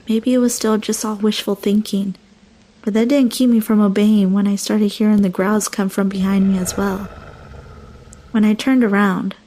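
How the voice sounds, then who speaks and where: A woman narrating a first-person horror story in a hushed, slow, tense storytelling manner. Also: mid-range voice.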